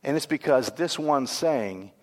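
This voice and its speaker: A man preaching a sermon, lively and conversational, moving between animated questions and hushed, grave passages. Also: medium pitch, unhurried, long reverb tail. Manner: self-correcting, laughs at own stumbles.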